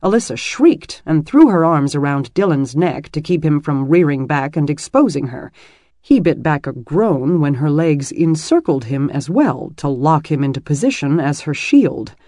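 A man narrating a romance novel in a steady, expressive reading. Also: on the high side, normal speed, dry recording, studio quality. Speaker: audiobook narrator.

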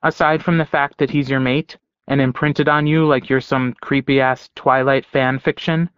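A man's voice: medium pitch, level tone, normal speed, clear, resonant tone, no echo, lightly acted. A man voicing a blunt, sardonic young woman who prods and scolds in an exasperated way. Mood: prodding. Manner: exasperated, teasing, insistent. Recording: slightly dull dry audio.

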